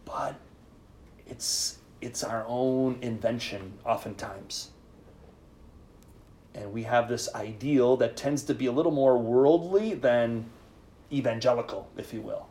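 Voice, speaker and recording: A priest speaking in a conversational sermon to a live group, leading them in call-and-response. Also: male voice, mid-range voice, takes it slowly, pauses often, warm tone, slight background noise. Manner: informal, leads call-and-response with listeners.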